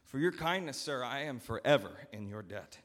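A man's voice: mid-range voice, expressive, normal speed, fairly bright tone, voice pushed up, lightly acted. A man doing a stammering humble farmer. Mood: grateful. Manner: stammering and flustered. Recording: long church hall reverb.

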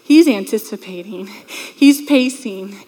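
A woman's voice: mid-range voice, slow pace. A woman preaching a sermon in a church, telling stories and acting out quoted voices. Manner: lively storytelling with quoted voices. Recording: reverberant hall.

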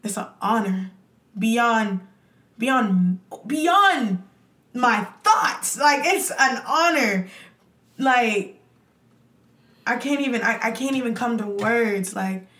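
A woman guest on a podcast, chatting excitedly and gushing with thanks, laughing often. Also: on the high side, slow pace, long pauses. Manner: gushing, exuberant, with frequent laughs and "y'all". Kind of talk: excited casual chat. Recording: echoey room.

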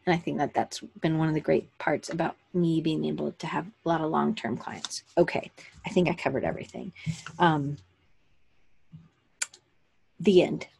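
Low, steady, creaky, a little mellow and husky, a woman hosts a casual live online session for creative business owners at a moderate pace with long pauses. Her talk rambles chattily, full of fillers and self-corrections.

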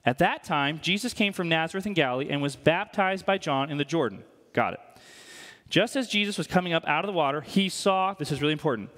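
High-voiced pastor preaching in a reverberant hall. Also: male voice. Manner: animated, conversational, asks the congregation questions. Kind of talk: sermon. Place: church hall.

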